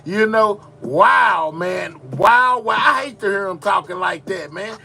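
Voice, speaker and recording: A man's voice: sits high, a little slow, gravelly, bright, forceful tone. A man hosting a casual live reaction stream, exclaiming and talking straight to his viewers. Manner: chatty, exclaims and talks to viewers. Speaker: livestream reaction host.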